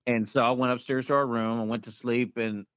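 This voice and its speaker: A man, a guest on a podcast, recounting his experiences in a halting, conversational way. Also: mid-range voice, fairly even intonation, fairly bright tone, clear, resonant tone, dry recording. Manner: halting, restarts often, conversational. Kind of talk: casual storytelling. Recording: dull, dry podcast audio.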